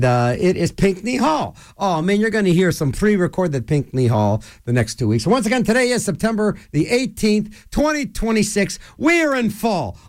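A man hosting a local radio show, talking in a rambling, digressive way. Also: high voice. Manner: rambling, digressive, animated storyteller. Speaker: radio host. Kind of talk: rambling casual radio talk.

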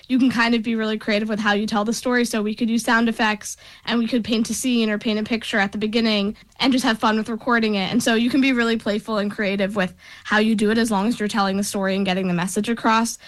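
A young woman, a radio intern, answering interview questions in a chatty way with many filler words. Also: a little high.

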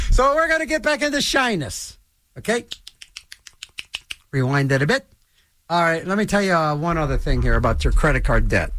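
A man's voice: a little high, a bit bright, no room sound, clean studio sound. A man hosting his own show in a rambling solo monologue, full of restarts and stammers.

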